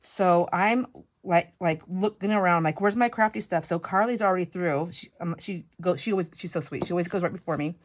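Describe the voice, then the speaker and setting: A woman chatting casually while she crafts, telling stories with lots of fillers and animated retellings. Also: fairly low pitch, a little fast. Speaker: craft vlogger.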